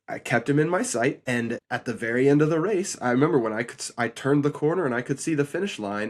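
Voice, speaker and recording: A young man, the older brother, telling a story in a lively way with frequent laughs. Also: medium pitch. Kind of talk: casual storytelling.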